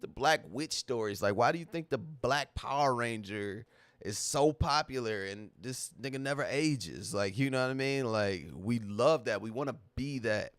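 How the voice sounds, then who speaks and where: A man's voice: mid-range voice, normal speed, clear, resonant tone, dry recording. A man hosting a livestream, talking casually to his chat in a candid, emotional, slang-heavy way that repeats itself. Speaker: livestream host.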